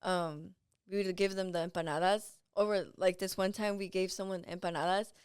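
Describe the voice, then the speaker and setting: Podcast guest lady rambling through a story, says like a lot, smooth clear voice. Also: lowish voice, fairly even intonation, brisk, no room sound, clean studio sound. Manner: rambling, heavy use of "like". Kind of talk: casual storytelling chat.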